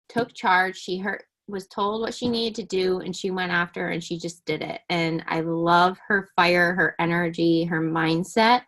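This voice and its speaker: Woman, team call host, slow unhurried delivery, upbeat, enthusiastic. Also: mid-range voice, a bit bright.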